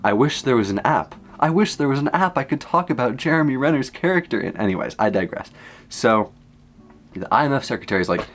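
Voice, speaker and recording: A young content creator recaps a movie from memory, rambling excitably and leaping from low asides to high exclamations. He talks a little fast.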